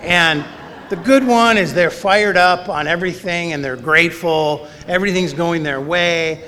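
Guy telling a wry funny story about himself, bright high voice, big echoey hall. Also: normal speed. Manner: sardonic, wry, self-mocking. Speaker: speaker sharing his story at a recovery meeting. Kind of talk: humorous personal storytelling. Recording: long reverb of a large hall.

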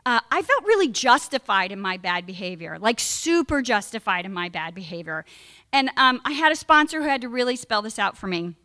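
A middle-aged woman speaks frankly about her own recovery, leaning hard on the words that matter. Her voice sits a little high and rings bright and forward. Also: very animated, a little fast. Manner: candid, emphatic, acts out her past self in raised voice. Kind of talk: personal testimony talk.

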